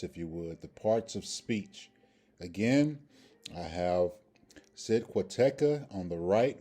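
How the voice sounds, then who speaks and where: Slow, low-voiced man teaching grammar. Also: warm tone. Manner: slow, repetitive, checks in with "okay" and "all right". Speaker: Hebrew language teacher. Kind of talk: screen-share grammar lesson.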